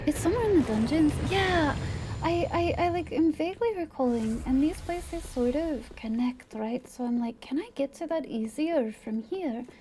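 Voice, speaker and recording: A woman streamer chatting casually while she plays, thinking aloud in a meandering way and often dropping to soft asides. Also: sits high, lively intonation, normal speed, noisy background. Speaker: live streamer. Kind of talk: casual gameplay commentary.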